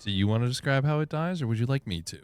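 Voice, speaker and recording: A man's voice: mid-range voice, animated, racing, crowd noise. Laid-back male game master. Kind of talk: running a tabletop game.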